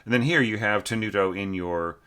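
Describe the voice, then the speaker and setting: A man teaching orchestration, giving a casual critique of a score. He talks haltingly with many fillers and sings phrases to demonstrate. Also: lowish voice, fairly bright tone, clean tone.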